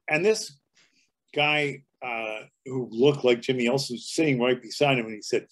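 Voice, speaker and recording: With a medium-pitched, expressive voice at a moderate pace, an older Canadian man tells comedy anecdotes as a guest. He's a comedy writer and performer, a storyteller who readily leaps into character voices.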